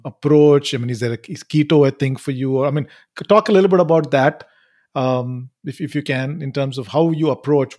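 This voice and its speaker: A man's voice: mid-range voice, darkish tone. A man hosting an interview podcast, speaking casually with frequent restarts and affirmations. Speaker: podcast host.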